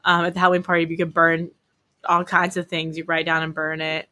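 Chatty young woman with a low voice. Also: little pitch movement, a little fast, pushed and bright. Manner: rambling storyteller, many fillers, often laughing. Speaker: podcast co-host. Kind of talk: casual chat. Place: Hawaii.

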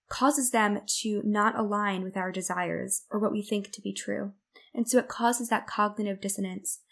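A woman's voice: mid-range voice, gravelly. Earnest woman hosting a self-help podcast. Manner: earnest, acts out inner-voice quotes. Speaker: podcast host. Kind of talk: reflective self-development monologue.

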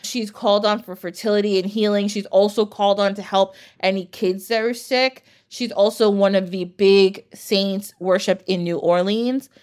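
A woman's voice: mid-range voice, steady tone, moderate pace, few pauses, darkish tone, smooth. Chatty woman podcast host. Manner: chatty, enthusiastic, digresses. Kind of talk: casual podcast chat.

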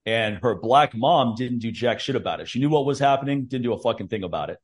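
A man's voice: mid-range voice, expressive, quick pace, husky. Candid, swearing male podcast host. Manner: candid, profane, rambling with restarts. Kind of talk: casual podcast chat.

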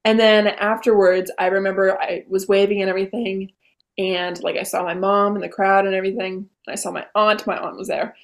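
A young woman in her late teens, a podcast guest, retelling events in a bubbly, animated way with lots of "I was like.". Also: medium pitch, a little fast. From Vermont. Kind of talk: casual interview storytelling.

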